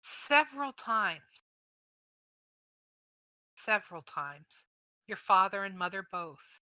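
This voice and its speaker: A woman voicing a stern older dwarf king speaking in a measured, commanding way. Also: mid-range voice, lively intonation, sharp tone, dry recording. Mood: warm.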